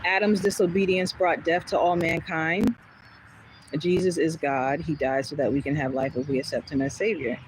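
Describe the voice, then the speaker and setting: A woman's voice: low-pitched, steady tone, normal speed, background noise. A woman hosting a casual livestream, talking bluntly and candidly, with occasional swearing and laughter. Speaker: livestream host.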